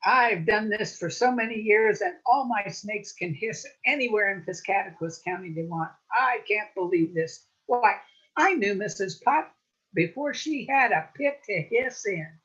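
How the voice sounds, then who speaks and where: A woman's voice: mid-range voice, lively intonation, unhurried, a bit bright, muffled recording. A woman voicing a proud, indignant old male snake who leads the young snakes.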